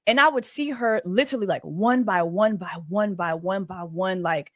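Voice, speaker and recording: A woman's voice: medium pitch, normal speed, dry recording. Sassy woman co-host, dry sound. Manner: sassy, expressive storytelling. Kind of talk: casual commentary chat.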